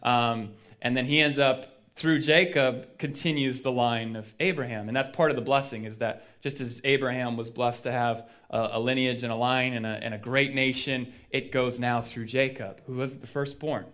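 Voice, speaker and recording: A man's voice: medium pitch, steady tone, normal speed, hardly any pauses, fairly bright tone. A male pastor preaching a sermon in a casual storytelling way, acting out the people he quotes, with lots of fillers. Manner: chatty with many fillers.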